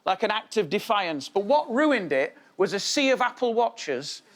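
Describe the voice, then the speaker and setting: Wry high-voiced comedian in his forties. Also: very animated, normal speed. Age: 40s. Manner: wry, self-mocking observational delivery. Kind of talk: stand-up comedy set.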